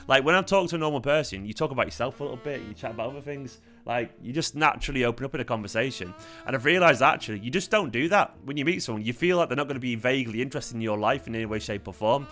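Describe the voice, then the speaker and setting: A man's voice: medium pitch, a bit bright. A young man, hosting a fan channel livestream in a casual, rambling chat, his voice tired. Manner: rambling, laid-back, chatty with fillers. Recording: faint guitar music behind.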